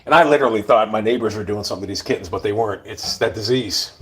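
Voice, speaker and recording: Racing along in a slightly bright voice, a middle-aged vlogger delivers a loose, rambling monologue. His talk is blunt and laced with swearing, and he frequently sinks into a low mutter.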